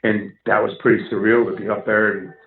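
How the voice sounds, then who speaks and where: A man, telling music stories in a casual interview, animated and swearing freely. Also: lowish voice, a little fast. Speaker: musician guest. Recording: echoey, dull lo-fi sound.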